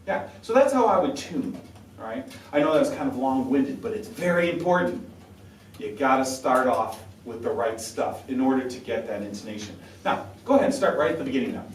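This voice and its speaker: A man's voice: medium pitch, expressive, a little fast, a little hiss or hum. A man coaching a saxophone quartet, talkative and encouraging, sounding out syllables to demonstrate. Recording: roomy sound from a distance with faint ambience.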